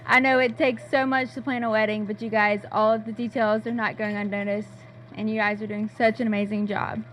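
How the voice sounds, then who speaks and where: A woman's voice: medium pitch, flat delivery, a little fast, a little hiss or hum. A young woman in her twenties reading a heartfelt wedding toast from notes, sounding close to tears. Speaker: bridesmaid giving a toast. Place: rehearsal dinner venue.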